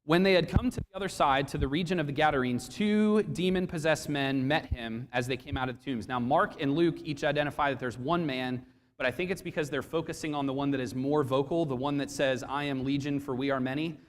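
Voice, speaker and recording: A man preaching a sermon to a congregation, expressive and questioning, acting out quoted voices as he goes. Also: fairly high pitch, fairly quick, in a large hall. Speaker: pastor. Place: church sanctuary.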